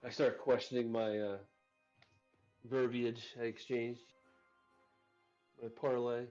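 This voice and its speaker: A man's voice: mid-range voice, little pitch movement, slow, a little mellow, soft background music. A man playing in a tabletop game, tossing out joking, wry asides. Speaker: player. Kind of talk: casual tabletop game play. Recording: dull lo-fi recording.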